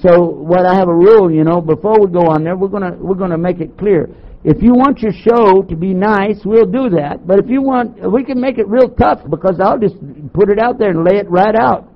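Older man preaching, high, lo-fi tape. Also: a little fast. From Texas. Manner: sarcastic, animated storytelling with rhetorical questions. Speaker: Muslim chaplain giving a talk. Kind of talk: preaching lecture to an audience. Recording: dull lo-fi tape recording.

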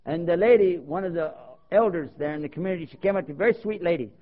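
A man preaching with a fairly high voice and plenty of rhetorical questions. He tells stories animatedly and acts out the dialogue. The sound is dull and lo-fi, like an old tape. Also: fast talker. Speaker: Muslim preacher. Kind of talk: sermon with storytelling.

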